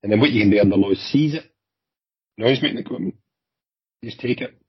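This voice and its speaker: A very husky, rough-edged Glaswegian man spins off-the-cuff stories from his years on the force. He talks in quick, animated bursts with the odd curse, close and dry on a dull, lo-fi recording. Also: fairly low pitch, no room sound. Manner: animated, swearing, hurried storyteller. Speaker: former police officer. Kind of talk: casual anecdotal storytelling. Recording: dull lo-fi sound.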